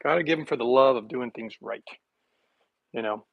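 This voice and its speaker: A man hosting a health livestream, chatting casually and rambling with sarcastic asides while making a smoothie in his kitchen, recorded on a phone. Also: medium pitch, normal speed, lo-fi sound, slight background noise.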